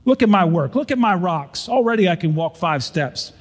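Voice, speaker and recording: A man's voice: a little high, normal speed, long reverb tail, close to an everyday voice. A man voicing a proud, stubborn younger brother who insists on earning forgiveness, speaking in indignant, insistent declarations. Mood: angry.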